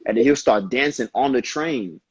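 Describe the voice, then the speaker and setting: A young man from Brooklyn, a dancer, talking casually in an interview and telling animated, slangy stories in quick bursts. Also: medium pitch, breathy edge, no echo, muffled recording. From Brooklyn, New York. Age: young adult. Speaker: dancer, guest.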